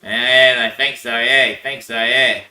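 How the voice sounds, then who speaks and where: A man's voice: medium pitch, fairly even intonation, a little slow, pushed and bright. An Australian man in a rambling casual monologue, swearing a lot and laughing between phrases. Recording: echoey room, voice far from mic.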